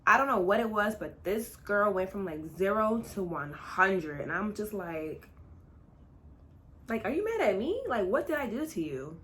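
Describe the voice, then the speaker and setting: A young adult woman vlogger telling a casual story to her viewers, chatty and dramatic, speeding up and drawing out words as she goes. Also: medium pitch. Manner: animated, chatty, talks straight to viewers; dramatic retelling, swings between fast and drawn-out.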